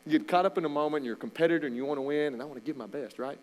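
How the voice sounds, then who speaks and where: A middle-aged man, a coach giving an informal, animated sermon talk in a church. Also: a little high, very fast, rough recording. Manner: storytelling, animated, with loud shouted bursts.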